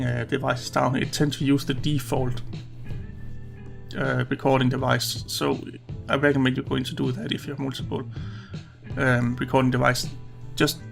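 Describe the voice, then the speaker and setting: A man talking through a software tutorial in a loose, rambling way, swearing now and then and sounding a little hoarse. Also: medium pitch. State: slightly hoarse. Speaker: YouTuber explaining recording software. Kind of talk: casual screen-recording tutorial. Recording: background guitar music.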